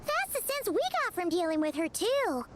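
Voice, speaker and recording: A squeaky, chirpy little fairy. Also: female voice, big pitch swings, moderate pace, noisy background. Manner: chatty, cheeky. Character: tiny chirpy female fairy companion. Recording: game music underneath.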